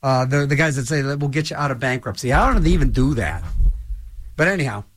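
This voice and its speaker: A man's voice: medium pitch, quick pace, a bit bright. A man hosting his own show in a rambling solo monologue, full of restarts and stammers.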